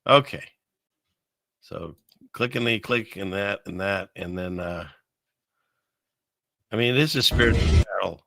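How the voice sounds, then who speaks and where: A man's voice: low voice, measured pace, gravelly, pauses often, a bit bright, no echo. A man hosting a casual livestream, rambling conversationally and reading Bible verses aloud. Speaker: live stream host. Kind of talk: casual livestream commentary on scripture and conspiracies.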